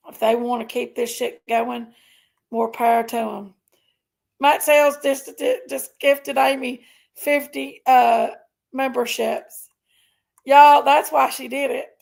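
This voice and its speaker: A woman's voice: high voice, fairly even intonation, slow pace, gravelly, darkish tone. A woman hosting a casual livestream, ranting indignantly and emphatically while reading chat aloud. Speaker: live stream host.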